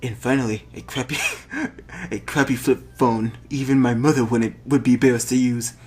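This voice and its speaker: A man's voice: mid-range voice, fairly even intonation, normal speed, a little mellow, slightly rough, close to an everyday voice. A man doing a mocking soldier guard. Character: North Korean guard, gruff, mocking.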